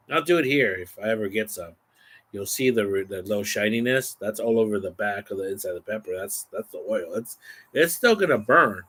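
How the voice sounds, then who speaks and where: Man rambling through a story. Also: fairly low pitch. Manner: rambling, animated, exaggerating for effect. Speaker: vlogger. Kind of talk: casual storytelling to camera.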